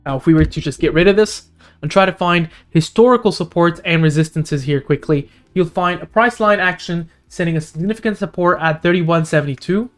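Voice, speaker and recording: Man reading out stock chart levels. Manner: rapid figures and indicator names, pitch jumping up on key points. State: losing his voice. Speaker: stock analysis channel host. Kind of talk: screen-share chart walkthrough.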